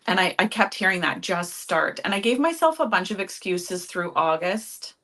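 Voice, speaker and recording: A woman's voice: mid-range voice, big pitch swings, moderate pace, a bit bright. A woman guest on an interview podcast, talking in a chatty way with frequent laughs and restarts. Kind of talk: casual interview chat.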